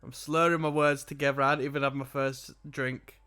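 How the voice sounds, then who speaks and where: A man's voice: medium pitch, level tone, brisk, sharp tone, clear, resonant tone. A tired man hosting an album reaction show, chatting casually with rambling asides. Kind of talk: casual music reaction commentary.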